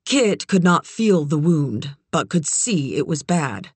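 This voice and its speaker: Slow, measured audiobook narrator. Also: mid-range voice, big pitch swings, breathy edge, no echo. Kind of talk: scripted narration.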